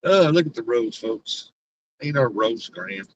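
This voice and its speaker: Behind the wheel on icy roads, an older man hosts a livestream, casually chatting with his viewers and teasing his passengers in a folksy, rambling style. His mid-range voice is animated and measured in pace, heard through a dry, dull-sounding recording.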